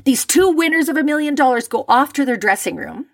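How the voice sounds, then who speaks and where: A woman's voice: high-pitched, big pitch swings, a little fast, vocal fry, no room sound, clean studio sound. A woman casually retelling a story to a friend, acting out the quoted voices as she goes. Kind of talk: casual chat.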